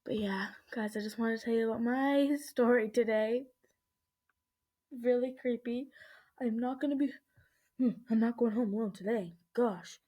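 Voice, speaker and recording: Woman vlogger, slightly high voice, still shaken, rambling storytime into a laptop webcam at home. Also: normal speed, mellow. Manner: rambling retelling full of "I was like", restarts and nervous laughs. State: shaken and uneasy. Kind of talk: casual storytime vlog. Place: indoors at home. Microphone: laptop webcam mic.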